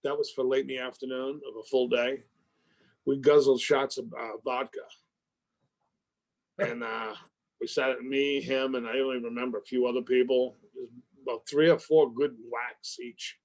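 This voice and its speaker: A middle-aged man talks in a gravelly, rough-edged voice. He tells his story with energy, acting out the phone calls and bursting into exclamations and curses as he goes. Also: mid-range voice, little pitch movement, moderate pace. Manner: acts out phone calls with swearing and loud exclamations. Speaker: actor interview guest. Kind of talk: animated storytelling in conversation.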